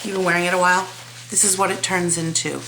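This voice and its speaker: A woman's voice: lowish voice, level tone, fast, pushed and bright, a little hiss or hum. A woman vlogger chatting casually at home about lipsticks and nail polish, rambling, trailing off and restarting, poking fun at herself. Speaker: beauty vlogger. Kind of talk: casual product review chat.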